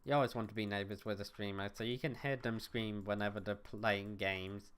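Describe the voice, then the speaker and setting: Young streamer, smooth clear voice, chatty, thinking out loud, talking to chat from home. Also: low-pitched, steady tone, fairly quick. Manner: chatty, thinks aloud, talks to viewers. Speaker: livestreamer. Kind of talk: casual gaming stream chat. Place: at home, neighbors next door.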